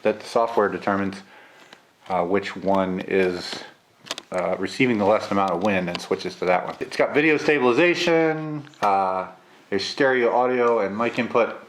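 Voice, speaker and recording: A man getting over a cold, with a gravelly voice, chatting casually through a camera unboxing and review, with lots of filler "uh"s. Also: fairly low pitch, moderate pace, slight background noise. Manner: relaxed, chatty, many filler "uh"s.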